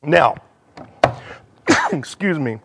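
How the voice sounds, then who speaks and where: A middle-aged man giving a sermon in a church, animated and self-deprecating, telling stories and acting out dialogue. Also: a little high, extremely slow, vocal fry, heavy background noise. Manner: animated, acts out dialogue in changing voices. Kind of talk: sermon with storytelling.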